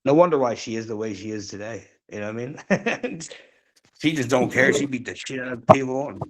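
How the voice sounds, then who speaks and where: A man's voice: mid-range voice, fairly quick, poor audio. A man in an interview, telling stories in a rambling, laughing way full of fillers. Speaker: interview guest, wrestler. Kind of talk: casual storytelling chat.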